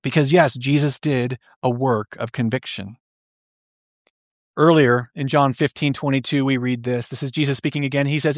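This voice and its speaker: A man preaching a sermon in an earnest, questioning way, explaining slowly and restarting phrases. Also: mid-range voice, fairly even intonation, dry recording, studio quality. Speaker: pastor.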